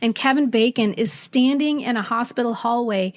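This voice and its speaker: An older woman co-hosting a podcast, telling stories in a lively, animated casual chat. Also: a little high, moderate pace, no echo, studio quality. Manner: animated storyteller, laughs as she tells it. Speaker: podcast co-host.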